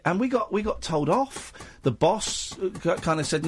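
A man's voice: high-pitched, moderate pace, hardly any pauses, a little hiss or hum. A man hosting a late-night talk radio show, chatting with guests in a playful, teasing way and telling stories with lots of energy. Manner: playful, teasing, animated storytelling. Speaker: radio host.

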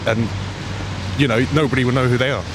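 A man's voice: mid-range voice, fairly even intonation, fast talker. A man stopped on the street, giving his opinion earnestly. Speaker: passer-by. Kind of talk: street interview. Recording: traffic noise outdoors.

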